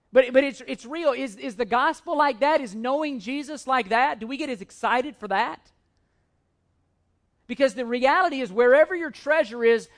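A man with a strikingly high voice preaches a sermon, earnest and direct. He often restarts his phrases and throws questions to the listeners to answer. He sounds middle-aged, a pastor walking through a passage. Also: fairly bright tone.

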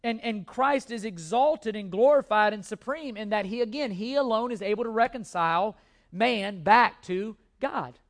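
A man's voice: sits high, moderate pace. A man preaching from the pulpit, pressing his points with repeated phrases and now and then catching himself mid-word. His delivery is earnest and emphatic. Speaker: pastor. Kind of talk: sermon.

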